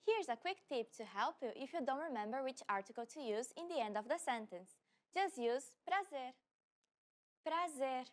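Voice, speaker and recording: A woman hosting a scripted beginner lesson as a friendly teacher, slowing down when she repeats example phrases. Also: a little high, animated. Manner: friendly instructional tone, slows down for repetitions. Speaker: language teacher and host.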